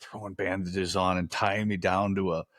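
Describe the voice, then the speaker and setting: A middle-aged man with a deep, low-pitched voice tells a raucous military anecdote, cursing casually. His delivery is animated and conversational. The recording is dry, with no room sound. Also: moderate pace, no room sound. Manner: profane, animated anecdote telling. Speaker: podcast guest, former Green Beret. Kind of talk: casual storytelling.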